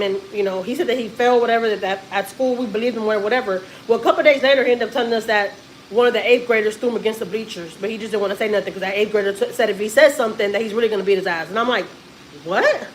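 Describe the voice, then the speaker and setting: A woman's voice: on the high side, a little hiss or hum, poor audio. A woman, a mother venting on a casual livestream and cussing often. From Houston, Texas. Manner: animated, frequent cussing and laughing. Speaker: vlogger and mother.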